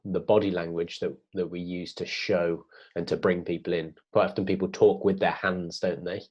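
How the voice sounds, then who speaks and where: A man co-presenting a children's writing lesson in a relaxed, encouraging way, with hesitations. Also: deep voice, normal speed, slightly rough, dull audio. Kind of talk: classroom lesson video.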